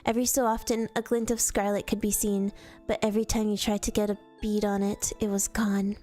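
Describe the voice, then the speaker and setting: A woman's voice: medium pitch, flat delivery, a little fast, dark tone, faint music behind. A woman streamer reading a fan story aloud in a storytelling voice, sometimes stumbling and restarting words. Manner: storytelling read-aloud with casual slips and restarts.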